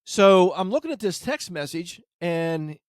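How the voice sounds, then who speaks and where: A man's voice: high voice, unhurried, smooth, no room sound, studio quality. A man who trains dogs, hosting a podcast and telling a casual story, acting out what people said. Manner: animated anecdote, acts out quotes. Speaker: dog trainer, podcast host.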